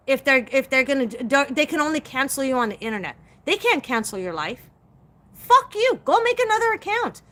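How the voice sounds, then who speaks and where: A middle-aged woman with a high, bright, forceful voice rants to her viewers on a live stream. She is blunt and profane and leans hard on her emphasis as she talks straight at them. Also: very animated, a little fast. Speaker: psychic livestream host.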